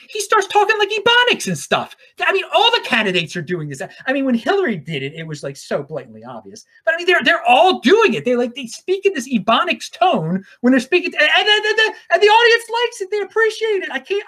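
A man's voice: very high-pitched, sharp tone. A man from Baltimore hosting a podcast in a casual solo monologue, rambling, often restarting his words and chuckling as he goes. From Baltimore, USA. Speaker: podcast host.

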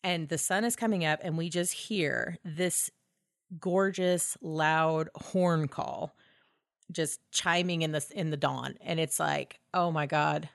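A woman's voice: sits low, takes it slowly, creaky, no room sound, studio quality. A woman co-hosting a podcast, retelling film scenes with enthusiasm, swearing freely and acting out characters' lines. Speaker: podcast co-host. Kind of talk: casual film discussion.

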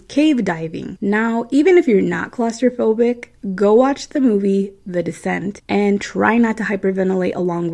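A woman's voice: mid-range voice, vocal fry, mellow. A woman with a Midwestern American accent, telling a creepy true story in a chatty, casual way with frequent asides and laughs. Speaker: true-story podcast host.

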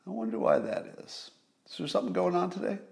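Older guy musing on a home livestream, gravelly voice, chatty with viewers. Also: sits high, fairly even intonation, fast talker, a little mellow. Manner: conversational, musing, talks to live viewers. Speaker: podcast host. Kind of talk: casual livestream monologue. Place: home, near a window.

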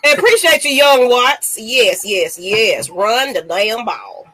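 Excitable woman hosting a sports show. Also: on the high side, takes it slowly. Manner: excitable, hypes the audience. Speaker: host. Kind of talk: casual sports talk.

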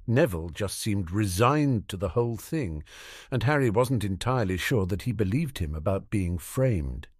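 Male audiobook narrator, lower voice, animated and wry. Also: moderate pace, no echo, clean studio sound. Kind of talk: audiobook reading of fan fiction.

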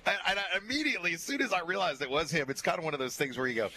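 A man, a regular on a radio show, telling a story in an animated way and acting out the quotes. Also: on the high side, rapid-fire.

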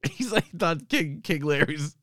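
A man's voice: a little high, a bit bright, dry recording, studio quality. A man co-hosting a casual podcast chat, retelling comedy sketches, laughing often and acting out quoted lines in a raised voice. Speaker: podcast co-host.

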